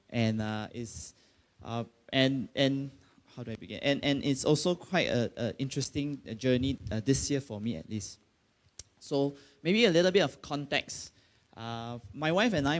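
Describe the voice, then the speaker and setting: Malaysian-accented man preaching conversationally. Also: medium pitch. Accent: Malaysian English. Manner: conversational, many fillers, rising to emphatic outbursts. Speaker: pastor. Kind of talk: sermon.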